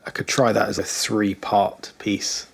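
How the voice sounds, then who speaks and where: A man's voice: fairly low pitch, flat delivery, measured pace, creaky, slight background noise. A man hosting a podcast, musing casually and laughing lightly as he talks. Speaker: podcast host and improvising musician.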